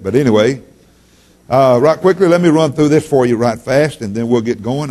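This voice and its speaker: A man's voice: medium pitch, darkish tone. Man, guest preacher, folksy storytelling, joking asides. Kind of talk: folksy sermon with jokes.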